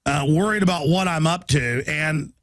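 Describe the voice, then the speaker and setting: A man hosting a talk show interview, talking in halting bursts with stammering restarts. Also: on the high side, dry recording.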